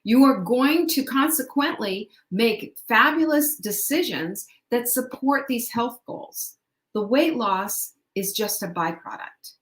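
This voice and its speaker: A woman's voice: a little high, lively intonation, slow. Chatty upbeat woman in an echoey room. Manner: chatty and upbeat, laughs often, asks the listener questions. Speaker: host. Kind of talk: motivational talk.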